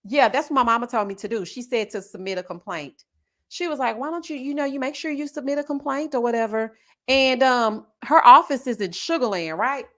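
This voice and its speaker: A young woman from Houston, Texas, a commentary channel host, delivers a personal story at a brisk clip. Her pitch is fairly high and her tone fairly bright, and she plays it sassy and dramatic in this storytelling chat, acting out quoted voices.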